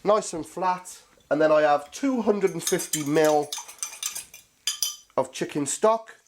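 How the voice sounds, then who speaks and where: Male cooking host, casual and joking, talks to viewers like mates; voice sits a touch high. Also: slow pace, noisy background.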